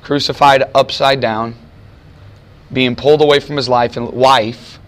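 A man preaching a sermon, teaching a Bible passage with emphatic rhetorical questions and deliberate slowing for emphasis. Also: medium pitch, fairly even intonation, fairly bright tone.

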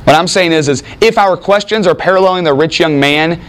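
High-voiced man preaching conversationally. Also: fairly quick. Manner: animated, acts out quoted speakers, frequent restarts. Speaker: preacher teaching a Bible study. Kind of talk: conversational sermon with audience interaction.

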